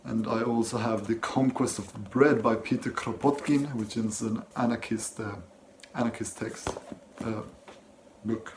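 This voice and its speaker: A young man answering viewer questions in a casual Q&A, pausing often with fillers. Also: on the low side, fairly even intonation. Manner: hesitant, many fillers. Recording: faint noise and clicks.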